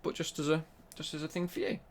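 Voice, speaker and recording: A man's voice: on the high side, fast. A young man chatting casually on a live stream while he plays, bantering and answering his chat.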